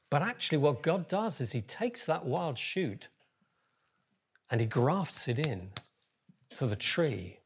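Husky-voiced man preaching with big swings. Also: fairly high pitch, takes it slowly, long pauses. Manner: lively preaching, swings from soft to loud. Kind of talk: sermon.

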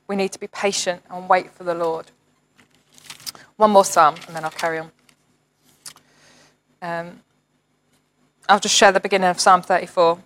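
A woman's voice: mid-range voice, a bit bright, poor audio. A woman giving an informal online sermon, reading psalms aloud in an earnest, encouraging way. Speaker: church leader.

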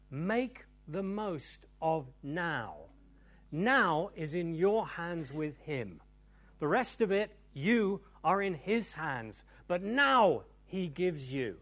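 A man preaching a sermon to a church congregation, emphatic and animated, moving from loud cries to hushed tones. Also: fairly high pitch. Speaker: pastor. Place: church service before a congregation.

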